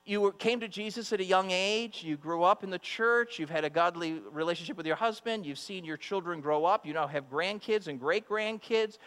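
A man's voice: sits high, normal speed, hardly any pauses, a bit bright, smooth, pitched below the performer's own voice. A man voicing an earnest male pastor who urges an elderly woman in a fatherly way. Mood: urging. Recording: long hall reverb with mains hum.

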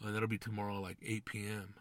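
Speaking fast in a fairly low, completely flat voice with no room sound, a young podcast host rambles through a casual monologue. He swears constantly, leans on slang, and keeps calling people "dude" and "man."

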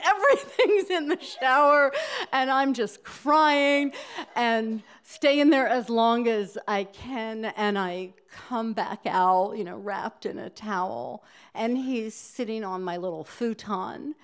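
A middle-aged woman telling a personal story to a live audience, halting and laughing as she goes. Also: on the high side, fairly bright tone. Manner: halting, self-interrupting, laughing through the telling. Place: small hall before a live audience.

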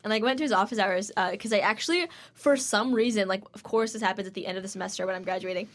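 Talking fast in a mid-range voice, a podcast co-host in her twenties spins meandering, "like"-heavy anecdotes. She imitates the people she describes as she chats casually.

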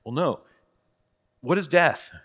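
A man's voice: a little high, expressive, slow, a bit bright, breathy edge. A man teaching a church catechism class in a casual, conversational way, asking rhetorical questions and laughing at his own asides.

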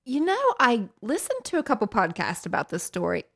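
A woman joining a true-crime podcast as a guest, tossing in wry, quick asides during casual chat. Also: a little high, wildly swooping pitch, gravelly, a bit bright.

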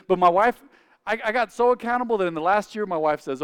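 A middle-aged man preaching a sermon through personal stories, animated and acting out dialogue in quick voices. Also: high voice, clear, resonant tone, big-room sound. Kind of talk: sermon-style storytelling.

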